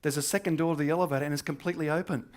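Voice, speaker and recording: A middle-aged Australian man, a stand-up comedian, telling a true funny story in a lively, animated way. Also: a little high, very fast. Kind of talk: comic storytelling.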